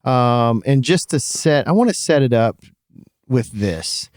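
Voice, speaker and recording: A man's voice: medium pitch, expressive, unhurried, a little mellow, dry recording, clean studio sound. A man co-hosting a podcast in casual chat, talking with a slight lisp, laughing often and restarting his sentences. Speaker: podcast co-host.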